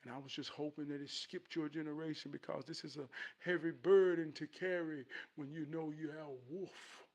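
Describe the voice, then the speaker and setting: A man voicing a calm, wise werewolf father reassuring his son in a soft, soothing way. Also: a little high.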